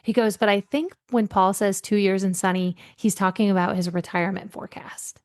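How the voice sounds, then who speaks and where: Speaking at a little fast pace in a middle-pitched voice, a middle-aged leadership coach shares animated stories during a relaxed podcast conversation. She slips into the voices of those she's quoting as she tells them.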